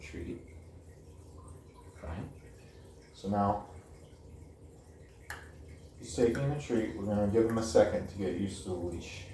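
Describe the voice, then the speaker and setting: A man with a low, warm voice explains puppy training in a blunt, plain way, often adding "okay?". He is picked up from a distance by the camera, with a roomy sound and a faint hiss behind him. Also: unhurried, long pauses. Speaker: dog trainer. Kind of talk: casual instructional talk.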